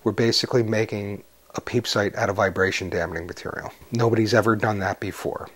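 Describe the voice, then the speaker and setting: A man's voice: fairly low pitch, fairly even intonation, fairly quick, breathy edge. A man explaining and promoting his product in an interview, earnest and persuasive, with rhetorical questions. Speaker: company founder.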